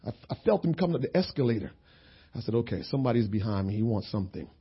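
A man preaching a sermon who tells a story, going from quiet talk to shouting. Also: medium pitch, animated, very fast, husky, muffled recording.

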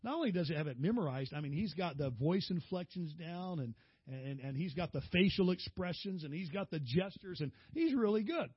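A middle-aged man preaching, telling a long personal story in a folksy, animated way and raising his voice for the people he quotes. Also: fairly high pitch, a little fast, breathy edge, dry recording, lo-fi sound. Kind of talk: storytelling sermon.

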